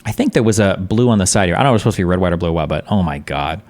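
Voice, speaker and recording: A man's voice: deep voice, animated, very fast, darkish tone. Blunt, profane male streamer commentary. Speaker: streamer reacting to a debate. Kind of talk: casual live-stream commentary.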